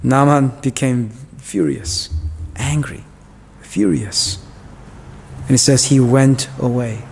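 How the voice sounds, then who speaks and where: A man's voice: medium pitch, slow, vocal fry, slight background noise. A male pastor preaching a sermon in a church, explaining Bible verses in a conversational way with asides and fillers. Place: church hall. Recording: long church reverb.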